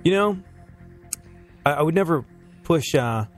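A man's voice: a little high, expressive, a little slow, soft background music. A man hosting a casual comedy podcast, rambling through stories with frequent laughs and restarts. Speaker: podcast host.

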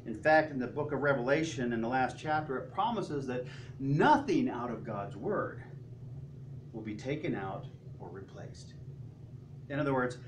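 Preaching in a church sanctuary, a man with a medium-pitched voice tells stories animatedly and throws out rhetorical questions. There's background noise, and the sound is roomy and distant with faint ambience.

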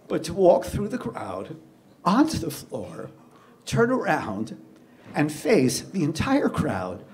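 Animated high-voiced male storyteller. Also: distant mic. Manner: animated, self-deprecating, acts out the scenes. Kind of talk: live personal storytelling. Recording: echoey room with clear background noise.

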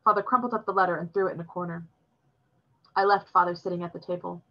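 A woman reading a novel chapter aloud in a steady, plain storytelling voice. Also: on the low side, fast, lo-fi sound. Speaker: reader.

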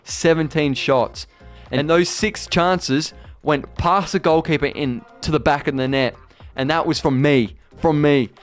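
An excitable young man talks through his football video game match as he plays, his voice sitting a little high for a man. He brags and shouts at his goals. Faint music plays under his voice. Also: a little slow. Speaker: gaming YouTuber. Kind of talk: live gameplay commentary.

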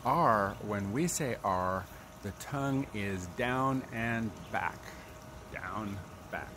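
Man, language teacher, low voice, slow delivery, patient demonstrations, noisy background. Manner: patient, demonstrates sounds slowly and repeatedly. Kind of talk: spoken tutorial.

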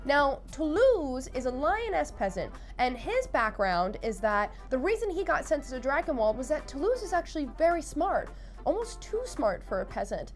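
A young woman with a notably high voice tells a story in a casual, animated way. She giggles easily and races through the details. Faint music runs underneath. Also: normal speed. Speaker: vlogger.

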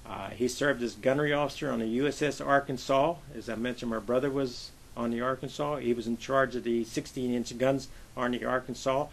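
Gravelly-voiced older man telling stories. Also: medium pitch, fairly even intonation, brisk, hardly any pauses, poor audio. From western Pennsylvania, USA. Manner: rambling anecdotes with frequent uh and I says. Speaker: navy veteran interviewee. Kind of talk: oral history storytelling.

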